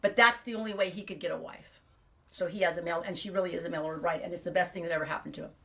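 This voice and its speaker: A woman's voice: lowish voice, fairly even intonation, rapid-fire, creaky, bright, forceful tone, recorded from a distance. A middle-aged woman hosting a knitting livestream, chatting in a rambling, self-deprecating way. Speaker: knitting show host.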